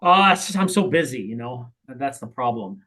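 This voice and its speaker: A man coaching a real estate agent in a role play, talking briskly and often checking in with "right?". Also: mid-range voice, expressive, sharp tone, rough recording. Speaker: sales coach.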